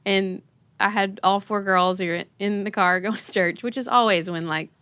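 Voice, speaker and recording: A woman, hosting a podcast and telling an animated story, laughing and acting out her kids' voices. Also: medium pitch, normal speed, clean tone, dry recording. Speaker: podcast host. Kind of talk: casual conversational storytelling.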